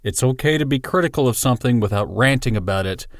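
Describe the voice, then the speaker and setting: A man's voice: mid-range voice, animated, fast talker, no echo, clean studio sound. A man hosting a solo podcast in a rambling, profane, self-deprecating monologue. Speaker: podcast host.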